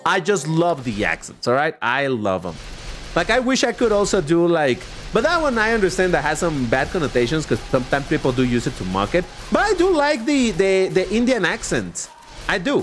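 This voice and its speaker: A man with a light Mexican accent, chatting casually and excitably while livestreaming a racing game. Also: a little high, soft background music. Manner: chatty, excitable, quick to laugh. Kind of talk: casual live commentary while gaming.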